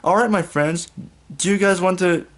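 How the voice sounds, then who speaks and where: A man's voice: high voice, normal speed, pitched above the performer's own voice, natural voice. A man voicing a cheerful, friendly male tank engine in a fan story reading, upbeat and welcoming.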